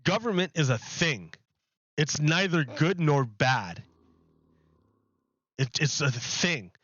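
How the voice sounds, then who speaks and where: Man streamer, a bit high and bright, restarts his sentences a lot, dry and slightly dull mic. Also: expressive, takes it slowly, dry recording. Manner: rambling, repeats and restarts phrases while building an argument. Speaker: livestreamer. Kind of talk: casual live-stream talk to chat.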